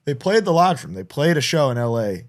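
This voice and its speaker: Excitable man swearing through a casual chat. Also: fairly high pitch, brisk. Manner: animated storytelling, heavy swearing, frequent restarts. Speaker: podcast co-host.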